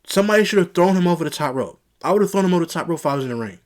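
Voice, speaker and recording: A man's voice: on the high side, expressive, racing. A young man giving an exasperated, rambling solo review of a wrestling event, often repeating himself.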